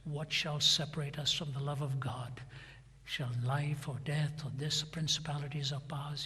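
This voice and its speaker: Older male preacher, raised husky tone, dramatic storyteller voicing every part; long hall reverb. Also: on the high side, level tone, moderate pace, bright, forceful tone. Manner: dramatic retelling, acting out each side of a dialogue. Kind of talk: sermon storytelling.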